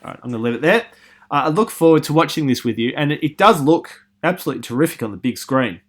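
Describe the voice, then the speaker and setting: A man's voice: fairly high pitch, animated, fast talker. A man from Australia giving a recorded film studies lecture, posing many rhetorical questions with frequent ums and restarts.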